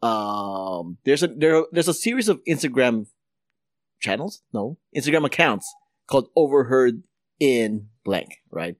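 A man's voice: medium pitch, a little slow, no room sound, clean studio sound. A man hosting a casual podcast, running a guessing game and laughing through stumbles. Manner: lively, stumbling, laughs often. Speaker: podcast host. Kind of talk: casual podcast chat, reading quotes for a game.

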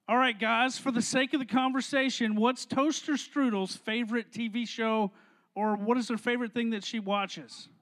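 High-voiced, playful young pastor. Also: male voice. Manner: playful, energetic, talks to crowd. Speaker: youth pastor. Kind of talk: youth sermon with skit.

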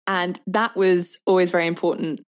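A woman songwriter in her thirties talking in a podcast interview, telling stories with lively acted-out quotes. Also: fairly low pitch. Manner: animated storyteller, acts out quotes with quick bursts. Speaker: songwriter guest.

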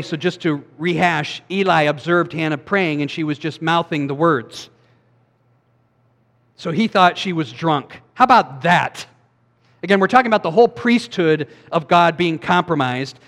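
A man giving a sermon as a pastor, preaching in a conversational way with quick asides. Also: fairly high pitch, a bit bright, big-room sound.

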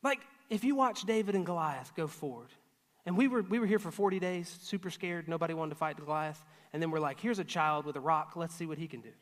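A male pastor preaching a sermon, swinging between loud emphatic lines and hushed, earnest asides. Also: fairly high pitch, brisk. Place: church auditorium. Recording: long hall reverb.

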